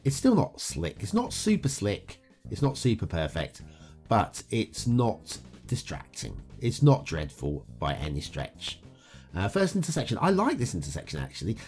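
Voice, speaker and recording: A man with a fairly low voice hosts a game review show in an upbeat, chatty commentary style. His pitch rises and falls a lot as he talks, and he drops in plenty of "uh" fillers. Faint guitar music plays underneath. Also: a little mellow. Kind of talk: casual gameplay commentary.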